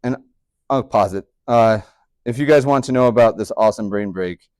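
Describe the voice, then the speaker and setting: A man's voice: lowish voice, moderate pace, a little mellow, clear, resonant tone, no echo. Chatty male math teacher, dry sound. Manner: chatty, upbeat, joking asides to students. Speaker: high school math teacher. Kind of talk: classroom lecture. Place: classroom.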